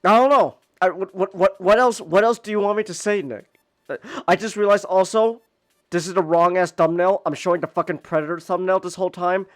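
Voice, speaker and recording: A man hosting a casual podcast, ranting and stammering, repeating words and swearing, dropping to mutters then climbing to near-yells. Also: high-pitched, a little fast, no room sound, clean studio sound, faint music behind. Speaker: podcast host.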